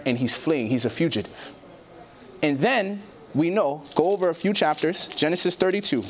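A man preaching a sermon, reading scripture aloud and asking his listeners questions. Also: high voice. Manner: asks the audience questions, reads scripture aloud.

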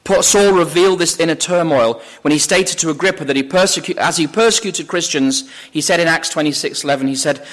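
A man's voice: fairly high pitch, a little fast, few pauses, fairly bright tone. A man preaching a sermon, reading scripture aloud with emphasis from slides on a screen. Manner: emphatic, rising on quoted scripture. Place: church or lecture hall with slides.

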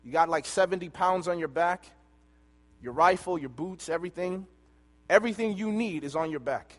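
A man preaching a sermon, telling a personal story and swinging between loud and hushed delivery. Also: sits high, normal speed. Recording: long hall reverb.

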